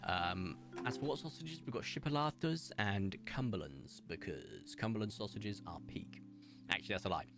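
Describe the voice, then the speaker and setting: Young english streamer, lowish voice, rambling chat, faint music under it. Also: male voice, sing-song, moderate pace. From England. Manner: chatty, enthusiastic, rambling, laughs often. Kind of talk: casual stream chatter while gaming.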